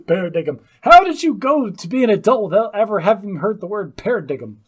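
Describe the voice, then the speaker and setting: A man with a somewhat raised, husky voice, bantering on a podcast. His talk is playful and teasing. He speeds up when making a point. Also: sits high, sing-song, brisk. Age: adult. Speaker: podcast co-host. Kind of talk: casual chat.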